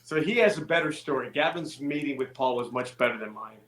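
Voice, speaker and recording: A man's voice: medium pitch, brisk, a little hiss or hum. Man from California, musician guest, easygoing anecdotes, echoey room sound. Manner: relaxed storytelling, self-deprecating. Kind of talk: casual interview chat.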